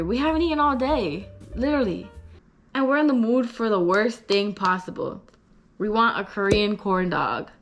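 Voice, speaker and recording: A young woman vlogger telling a story, animated and expressive, swearing casually. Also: medium pitch. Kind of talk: story time vlog.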